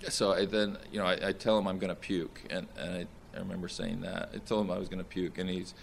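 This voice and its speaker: A young man, a soldier in therapy, recounting combat in a halting, distressed way with many restarts and fillers; he sounds shaken and nauseous. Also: low-pitched, little pitch movement, creaky, slight background noise.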